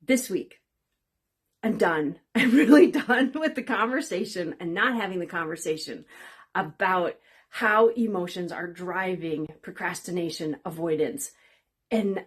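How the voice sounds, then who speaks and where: A woman's voice: lowish voice, a little slow, breathy edge. A woman coach hosting her own channel, talking candidly and conversationally to her viewers, with a wry, sarcastic streak. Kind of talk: casual talking-head video.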